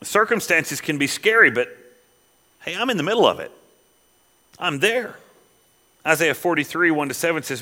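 A middle-aged man preaching, his voice bright and fairly high. He lifts his voice on the scripture quotes and drops low for quiet personal asides. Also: animated, normal speed, pauses often. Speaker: pastor. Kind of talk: sermon.

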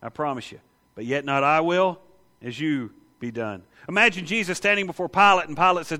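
A man preaching with a bright, forceful tone, pitched a touch above the usual male range. He talks conversationally and emphatically, often putting questions to his listeners. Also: lively intonation, a little fast. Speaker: pastor. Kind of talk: sermon.

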